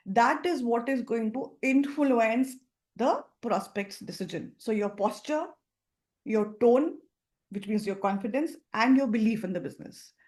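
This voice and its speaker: A woman with an Indian English accent giving an emphatic sales training talk, acting out example phone calls. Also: fairly high pitch. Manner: acts out phone calls in lively voices, emphatic and instructive. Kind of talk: training talk to a seminar audience.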